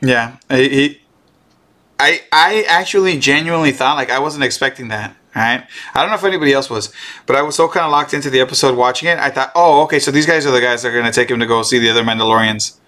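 A man chatting casually and excitedly about a show episode, swearing and restarting often. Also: mid-range voice, fast. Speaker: streamer co-host. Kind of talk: casual show recap chat.

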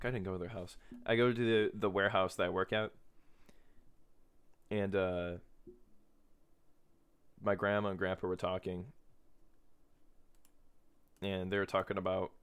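Profane rambling young man, low voice. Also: fairly bright tone, smooth. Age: 20s. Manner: rambling, profane, laughs often. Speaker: podcast host. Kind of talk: casual podcast monologue.

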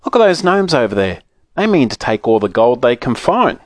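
A man's voice: medium pitch, very animated, normal speed, no room sound, close to an everyday voice. A man reading a storybook aloud, voicing a friendly magical man in a cheerful, welcoming manner. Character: friendly magical man with a round moon face.

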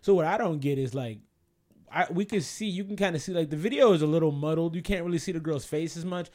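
A man's voice: fairly high pitch, quick pace, darkish tone. A man co-hosting a podcast, joking and laid-back, speaking in casual slang. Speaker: podcast co-host. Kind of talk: casual chat.

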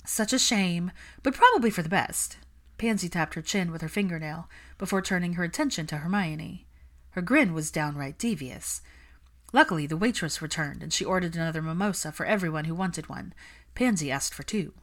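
A woman narrating a fan fiction story in a steady, even reading voice, close to the microphone. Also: on the low side, a little fast.

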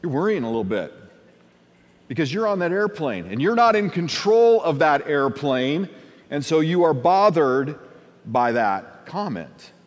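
A man's voice: on the high side, sing-song, a little slow. A male pastor giving a conversational sermon, acting out everyday questions in different voices. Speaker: lead pastor. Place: church sanctuary. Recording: long hall reverb.

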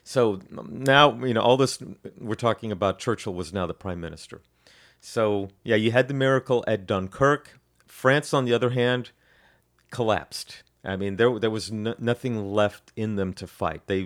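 A man with a fairly low voice co-hosts a history podcast, walking through events in a relaxed, conversational way. He rambles a little, filling pauses with ums and restarting his sentences as he goes. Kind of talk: casual explanatory history chat.

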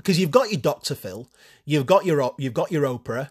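Crude, casual podcast host. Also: male voice, fairly high pitch, animated, fairly quick, husky. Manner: casual, crude, swears freely, self-mocking. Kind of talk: solo podcast chat.

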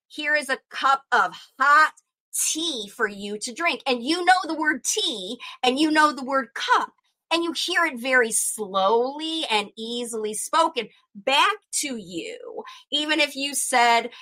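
A middle-aged woman giving parents speech tips, explaining and acting out slow, clear modeling lines with animated emphasis. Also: sits high. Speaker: speech-language educator. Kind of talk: parent coaching talk.

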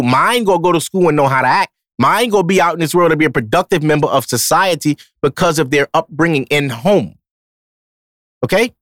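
Podcast host, male, slightly raised pitch, blunt and profane, casual monologue, dry close sound. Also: a bit bright, no echo.

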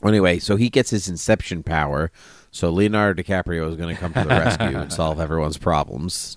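A man with a very low voice chats casually about a TV show, recorded close and dry. He talks in a jokey, animated way and slips into silly bits. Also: normal speed, dry recording. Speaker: podcast co-host. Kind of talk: casual TV recap chat.

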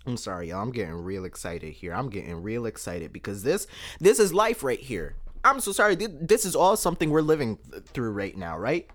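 A man with a lively, swinging pitch holds forth on his own podcast. He talks in emphatic bursts and hammers home words by repeating them, close on a podcast microphone. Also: a little fast. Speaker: podcast host. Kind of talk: solo podcast commentary.

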